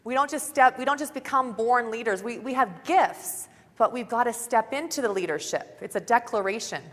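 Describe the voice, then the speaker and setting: Long, large-hall reverb surrounds a young woman giving an upbeat motivational talk at a conference. Her voice is a little high and expressive, at a moderate pace, and she's chatty, often saying "like," picked up by a stage mic.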